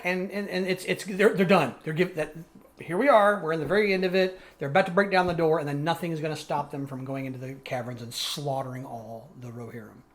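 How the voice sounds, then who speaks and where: A man co-hosting a podcast, telling a story in a rambling way with many restarts and fillers. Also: on the high side. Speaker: podcast co-host. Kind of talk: casual chat.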